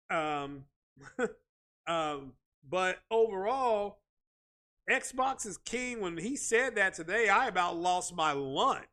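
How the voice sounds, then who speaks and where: A man with a high, bright and forceful voice rants through casual tech commentary. He talks in an animated, repetitive way and keeps coming back to "you know" as a filler. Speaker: tech video host.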